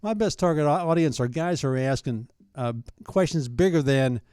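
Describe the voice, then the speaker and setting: A man in his fifties with a warm, mellow voice, recorded dry and close. He answers interview questions thoughtfully and earnestly, often restarting a phrase before he finishes it. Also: a little high, moderate pace, clean tone, dry recording. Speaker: guest, founder of a coaching ministry.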